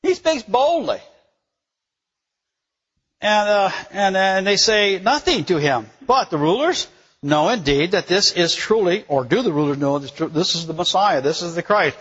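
A man preaching a Bible-teaching sermon, rising to loud emphatic bursts on scripture and dropping quiet and reflective, stumbling over words now and then. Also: high-pitched, expressive, moderate pace, slightly rough, big-room sound, dull audio.

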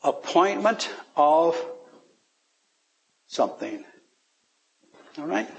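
This gravelly male voice moves very slowly and swings widely in pitch to emphasize points. He's teaching the Bible informally, laughing softly and tossing rhetorical questions at those listening.

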